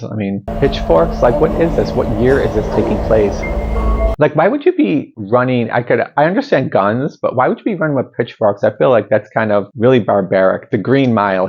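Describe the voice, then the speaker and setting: A man's voice: fairly low pitch, vocal fry, a little mellow, husky, highs cut off. A man hosting a movie reaction video, chatting in an upbeat way and wondering aloud about what he sees. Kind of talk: casual reaction commentary.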